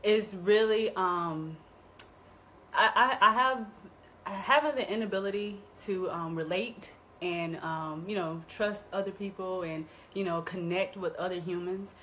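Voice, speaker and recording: Soft-spoken, halting young woman. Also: medium pitch, slight background noise, low-quality recording. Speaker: co-host of a live talk show. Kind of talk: casual live-stream chat.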